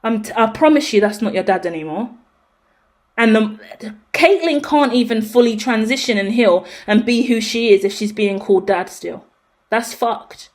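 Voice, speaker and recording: A woman with a high voice rants straight to camera in a casual vlog. She is emphatic and swears freely. Her delivery swings between loud outrage and low, muttered asides. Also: moderate pace. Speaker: tarot reader reacting to celebrity news. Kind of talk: impassioned casual rant.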